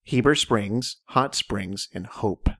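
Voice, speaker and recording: A man hosting a casual trivia game among friends. He reads the clues slowly and laughs often. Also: lowish voice, creaky, bright, forceful tone, no room sound, studio quality. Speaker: quiz host.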